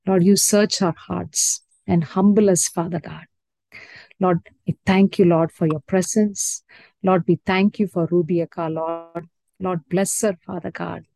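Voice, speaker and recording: A woman leading a spoken prayer in a devout, repetitive way, softening at the end of each phrase. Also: lowish voice, steady tone, unhurried, creaky, no echo. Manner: devout, repetitive, fading to soft at phrase ends. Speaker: prayer leader.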